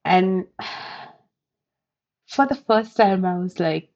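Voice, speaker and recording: A woman from India telling personal stories in a thoughtful, reflective way, pausing and restarting as she searches for words. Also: fairly low pitch, animated, a little mellow, muffled recording. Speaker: interview guest.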